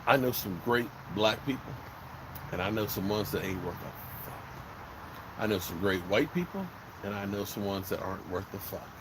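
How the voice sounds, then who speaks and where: A man's voice: lowish voice, lively intonation, normal speed, noisy background. A man from Virginia hosting a casual live stream, talking bluntly and rambling, swearing freely. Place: outdoors by a smoker fire.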